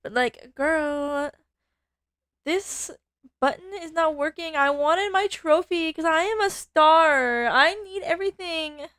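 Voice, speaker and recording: Woman doing a high, self-absorbed valley girl, drawly "like" talk, dry close mic. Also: slow pace, a bit bright, no echo. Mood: sassy.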